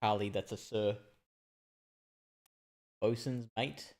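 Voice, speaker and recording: A man's voice: on the low side, fairly even intonation, slow pace, a little mellow. A man streaming a game live, chatting and thinking aloud with frequent restarts. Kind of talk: live gameplay commentary.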